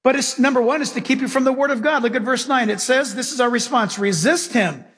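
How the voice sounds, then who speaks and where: A male pastor preaching a sermon with animated storytelling, acting out the characters in his stories. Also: very high-pitched, fairly quick, breathy edge.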